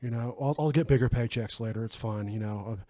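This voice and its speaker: A man's voice: medium pitch, a little fast, dark tone, no echo, studio quality. A man co-hosting a casual movie review chat, swearing freely and slipping into mock impressions. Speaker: podcast co-host.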